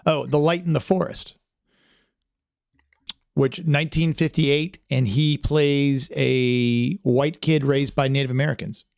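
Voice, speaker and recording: A man hosting a casual podcast with a gravelly voice of ordinary pitch. He talks in a friendly, rambling way, full of fillers and restarts. The recording is dry, with no room sound. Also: steady tone, unhurried, a little mellow, no echo. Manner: friendly, chatty. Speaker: podcast host.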